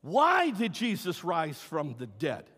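A man preaches a sermon in a notably high voice, his delivery emphatic and swinging between ringing cries and hushed, gentle talk. The sound carries a long reverb tail, as in a large church sanctuary. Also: huge pitch swings, takes it slowly, breathy edge. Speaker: pastor.

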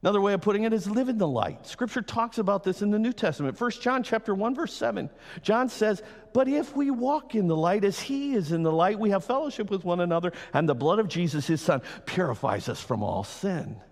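A male pastor preaching a sermon to a congregation, swinging between loud fervent passages and slow quiet emphasis. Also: high-pitched, lively intonation. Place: church hall. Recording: long hall reverb.

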